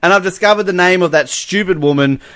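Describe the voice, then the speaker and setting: A man's voice: high-pitched, fast, no room sound. A sarcastic young Australian man hosting a sports chat show, poking fun with a grin in his voice. He sits close to a dry, dead-sounding mic. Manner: sarcastic, laughing, animated mock voices. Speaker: podcast host.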